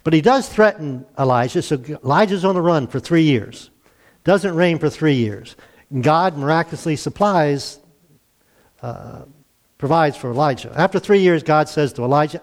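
A middle-aged male pastor retelling a Bible story in a folksy, animated sermon, acting out the quoted voices with chuckles. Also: fairly high pitch, normal speed.

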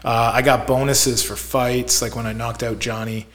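A man's voice: medium pitch, level tone, moderate pace, fairly bright tone. Rambling male storyteller in a roomy space. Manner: rambling storyteller, heavy on filler words. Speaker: podcast guest. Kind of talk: casual chat. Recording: roomy echo.

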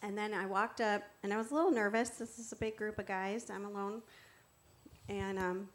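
A church co-founder shares her personal faith testimony, telling the story earnestly as she moves through her slides, shifting between hushed reverence and lively warmth. Her voice is medium-pitched and her pace moderate.

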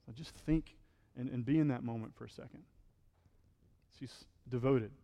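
A male pastor preaching a sermon in a relaxed, conversational way, often checking in with the congregation and acting out the quotes he reads. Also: medium pitch, moderate pace, in a large hall. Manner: conversational preaching, frequent "right?", acts out quotes.

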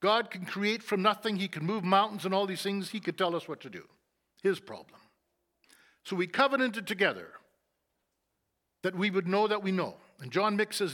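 A middle-aged man telling his story in a sermon, acting out conversations and often dropping to a soft, low voice. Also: very animated, moderate pace, pauses often. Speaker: church leader giving testimony. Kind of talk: sermon testimony.

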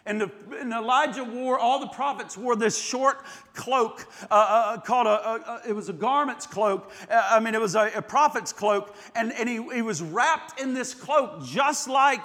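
High, bright-voiced man preaching a sermon. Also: long reverb tail. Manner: impassioned, repetitive preaching cadence. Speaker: pastor.

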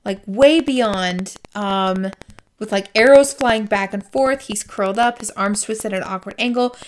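A woman's voice: medium pitch, measured pace. A woman co-hosting a casual podcast, recapping a book chapter with lots of "um" and "like" and quoting the characters as she goes. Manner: retells scenes with acted quotes, many fillers.

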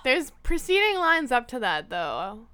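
A young woman with a bright, smooth voice pitched a little high co-hosts a casual podcast. She is from the Niagara region and tells stories with gusto, mimicking people and laughing as she swears. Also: a little slow. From Niagara region, Canada. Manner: animated storyteller, acts out quotes, laughs often, swears. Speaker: podcast co-host. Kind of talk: casual chat.

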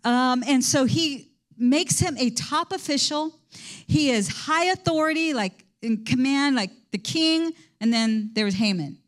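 High-voiced woman teaching scripture. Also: animated, unhurried. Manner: enthusiastic, rambling with restarts. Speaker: Bible study teacher. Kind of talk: sermon.

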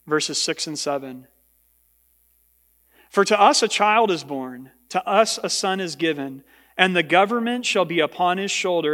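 A man's voice: high voice, fairly bright tone. A male pastor preaching a sermon in a church, emphatic and repeating words for stress. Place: church sanctuary. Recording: long reverb of a large hall.

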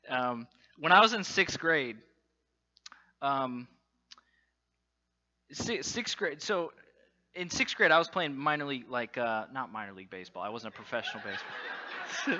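A man addressing a congregation, telling a self-deprecating personal story with lots of fillers and animated storytelling. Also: mid-range voice, dull audio. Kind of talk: humorous personal story in a talk.

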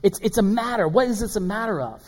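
A man preaching a sermon as pastor, animated and swinging between loud emphasis and hushed asides. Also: high-pitched, fast talker. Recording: long hall reverb.

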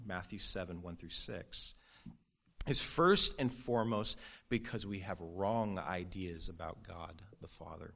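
A man's voice: deep voice, expressive, unhurried, gravelly, bright, forceful tone. A man preaching a sermon in an earnest, conversational way, with sudden rises for emphasis. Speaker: pastor.

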